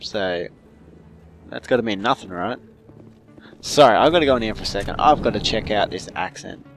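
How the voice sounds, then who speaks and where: A man's voice: on the low side, animated, normal speed, soft background music. A man giving casual, joking commentary while playing a game, rambling and unsure. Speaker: gamer.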